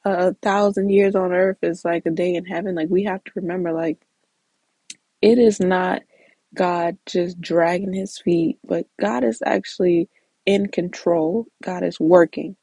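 A woman's voice: fairly low pitch, steady tone, measured pace, dark tone, slightly rough, no echo, rough recording. A woman leading a casual Bible study, reading scripture aloud and explaining it in a chatty way with many "like"s and small restarts. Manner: conversational, with frequent "like" and small restarts.

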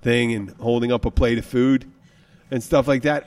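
A man's voice: medium pitch, steady tone, normal speed, a little mellow. A man chatting casually, rambling as he riffs on a comic idea. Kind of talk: casual joking chat.

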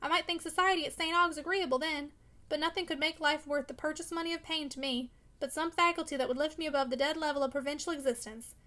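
A man's voice: extremely high pitch, steady tone, fast, pushed and bright, rough recording. A woman reading as a bitter, earnest young man. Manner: vehement, pleading.

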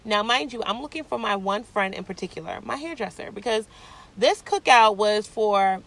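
A young woman hosting her own show, telling a casual story in a blunt, profane, animated way. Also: mid-range voice, moderate pace, vocal fry. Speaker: podcast host.

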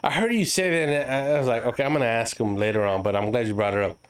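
A man's voice: mid-range voice, racing, clear, resonant tone. A young man hosting a podcast, chatting casually and acting out quoted lines in changing voices. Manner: animated storyteller, acts out quotes in shifting voices. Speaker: podcast host. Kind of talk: casual chat.

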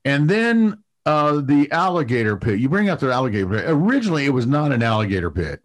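A middle-aged man telling a lively story in an interview, full of fillers, repeated words and restarts. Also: medium pitch, fast. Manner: animated anecdote-telling with many fillers and restarts. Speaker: TV producer guest.

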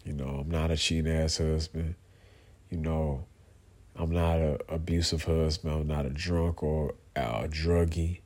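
A man speaking to his viewers in an emotional, heartfelt monologue, earnest and halting, often repeating himself and filling pauses with "you know" and "man". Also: extremely low pitch, little pitch movement, a little mellow. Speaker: vlogger, father speaking to viewers.

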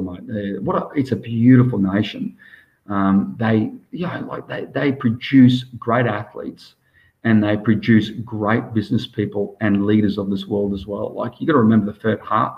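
A man's voice: lowish voice, fairly even intonation, normal speed, vocal fry. A man in his forties with an Australian accent, a guest in a casual interview, talking emphatically, repeating himself and saying mate a lot. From South Africa. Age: 40s. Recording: muffled lo-fi audio.

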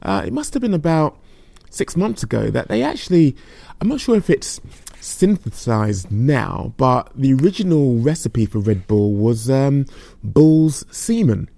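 Male podcast host, gravelly, tired, chatty, dry close sound. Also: mid-range voice, very animated, a little slow, dark tone, no echo. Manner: chatty, self-deprecating, laughs easily. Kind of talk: casual podcast chat.

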